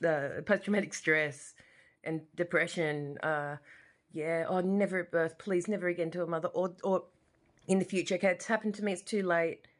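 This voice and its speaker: A woman's voice: on the low side, fairly even intonation, normal speed. An Australian woman in her forties, talking straight to camera at home in an impassioned, rambling way that often repeats itself. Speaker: vlogger. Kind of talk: emotional personal monologue. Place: living room at home.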